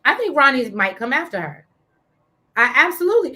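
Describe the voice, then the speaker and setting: A woman's voice: high voice, very animated, fairly quick, sharp tone. A woman co-hosting a casual TV recap show, reading viewer comments aloud and laughing as she talks.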